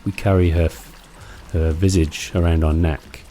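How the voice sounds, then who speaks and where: A man's voice: low-pitched, level tone, a little slow, warm tone, a little hiss or hum. A man hosting a let's play, chatting casually and musing aloud about what he sees in a game. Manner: musing, chatty, with fillers and restarts. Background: game music.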